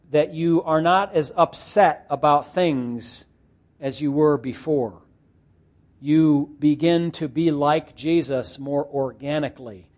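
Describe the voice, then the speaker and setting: A male pastor giving a morning sermon in a conversational way, asking the congregation questions and laughing softly now and then. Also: on the high side. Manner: conversational preaching with rhetorical questions and soft laughs.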